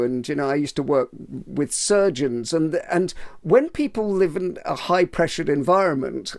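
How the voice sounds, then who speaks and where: Male podcast host, hesitant questions, gravelly, close dry mic. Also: a little high, a little mellow, dry recording. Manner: hesitant, many fillers. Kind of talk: interview questions.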